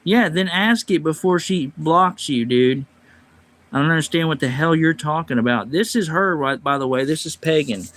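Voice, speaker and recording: A man with a voice on the high side streams live on a phone or desk mic, talking at a moderate pace. He tells a long personal story in a loose, rambling way, speaking quietly. His chat gets sharp, louder retorts from him.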